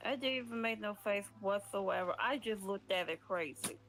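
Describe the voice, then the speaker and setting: A woman's voice: medium pitch, normal speed, music in the background. A woman chatting casually and bluntly on a stream, swearing now and then. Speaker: stream guest on voice chat. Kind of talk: casual chat.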